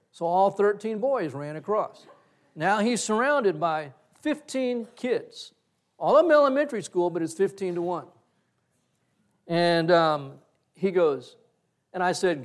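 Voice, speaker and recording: A middle-aged male pastor preaching a sermon, telling a story with animated swings and sudden loud bursts. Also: sits high, measured pace.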